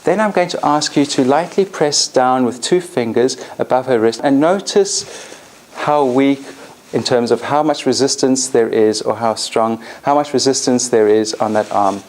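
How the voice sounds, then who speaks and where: Animated woman coach leading a demo. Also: a bass voice, normal speed. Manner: animated, directive, demonstrative. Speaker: NLP coach trainer. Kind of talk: live training demonstration. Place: training room with an audience.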